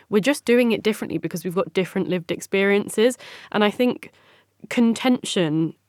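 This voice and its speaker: A woman's voice: medium pitch, no room sound, studio quality. Enthusiastic woman co-hosting a podcast. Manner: warm, enthusiastic, laughs often. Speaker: podcast co-host. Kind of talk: casual interview chat.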